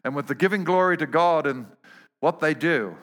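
A man's voice: on the high side, normal speed, a bit bright, long reverb tail. A man preaching a sermon, telling humorous stories and often repeating words as he goes.

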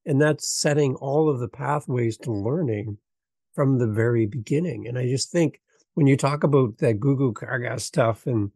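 A man hosting a podcast interview, reacting with enthusiasm and talking quickly, repeating words when he gets excited. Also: medium pitch, no room sound. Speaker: podcast host. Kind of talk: casual interview chat.

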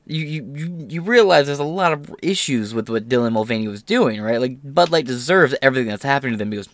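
A man hosting his own podcast, telling a story casually and getting loud and animated when he quotes people. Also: medium pitch, fast, no room sound, studio quality. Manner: animated storytelling, swearing, voice rising when quoting. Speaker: podcast host.

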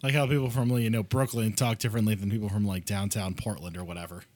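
A man's voice: fairly low pitch, fairly even intonation, quick pace, a little mellow, dry recording. A man from Oregon co-hosting a podcast, casual rambling chat with restarts. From Oregon, USA. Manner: rambling, restarts mid-thought. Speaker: podcast co-host.

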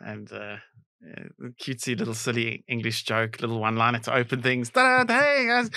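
A man co-hosting a comedy podcast, with a bright, forceful voice pitched a little high. He sounds close and dry on the mic. He tells stories with animation, acting out the people in them and laughing loudly. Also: clean tone, no room sound. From South Africa. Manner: animated storyteller, acts out quotes, laughs loudly. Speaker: podcast co-host. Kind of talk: casual comedic chat.

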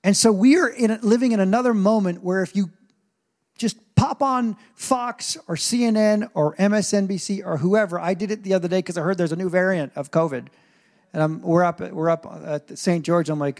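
A man who is a pastor, preaching a sermon in an animated way with asides and rising intensity. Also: high voice, moderate pace. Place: church stage.

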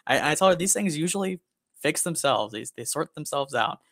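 Gravelly young man telling a story bluntly. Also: on the high side, lively intonation, fairly quick, fairly bright tone, dry recording, studio quality. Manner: blunt, profane, rambling with restarts. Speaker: podcast co-host. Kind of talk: casual storytelling chat.

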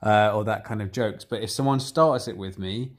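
A man talking candidly in a casual chat, rambling and getting animated as he retells conversations. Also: lowish voice, moderate pace.

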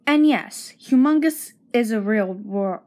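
A woman's voice: a little high, animated, slow pace, dark tone. A woman giving a scripted comedic monologue as narrator and host, playful and self-mocking, with sing-song emphasis.

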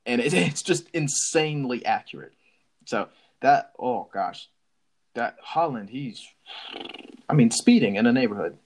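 A young man co-hosting a casual sports podcast, excitable and quick to laugh, often restarting his sentences. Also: medium pitch. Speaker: podcast co-host.

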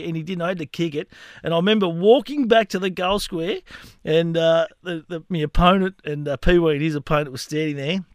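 A man's voice: a little high, brisk, clear, resonant tone, no echo, studio quality. A man in his thirties, hosting a podcast and telling a rambling, funny story in casual chat, often laughing at himself. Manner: animated yarn-spinning, laughing at his own stories. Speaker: podcast host.

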